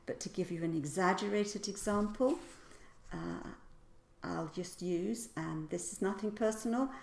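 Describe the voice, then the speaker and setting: A woman coaches her listeners on speaking, playfully acting out example lines with heavy stress. She talks at an unhurried pace in a mid-range voice. The recording carries a roomy echo. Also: mid-range voice, vocal fry, a little mellow. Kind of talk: casual spoken lesson.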